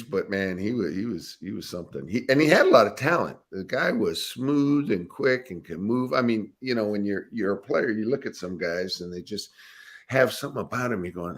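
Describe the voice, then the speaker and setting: A man's voice: fairly low pitch, gravelly. An older man, a former football linebacker, telling laughing stories in a casual interview. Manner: laughing, animated anecdotes with acted quotes.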